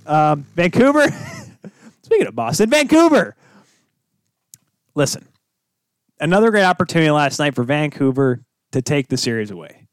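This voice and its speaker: Animated man hosting a hockey talk show. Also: fairly high pitch, normal speed, clear, resonant tone, no room sound. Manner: animated, teasing, breaks into shouted bits. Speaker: podcast host. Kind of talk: casual sports chat.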